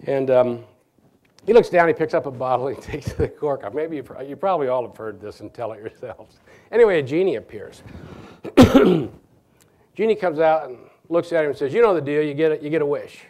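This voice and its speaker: Halting, chuckling middle-aged man lecturing. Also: medium pitch, animated, warm tone. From Nebraska, USA. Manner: halting, many restarts, chuckling anecdotes. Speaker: guest speaker. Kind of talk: evening lecture.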